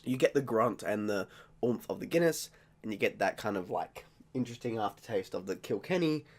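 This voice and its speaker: An Australian man talking casually in a beer-tasting vlog, rambling, jokey and quick to mock himself. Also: lowish voice, expressive. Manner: rambling, jokey and self-mocking. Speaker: vlogger.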